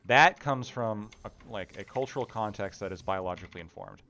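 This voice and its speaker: A man's voice: on the low side, fairly quick, pushed and bright. A man hosting a live stream, chatting casually and bluntly while playing a game, swearing freely. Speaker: streamer host.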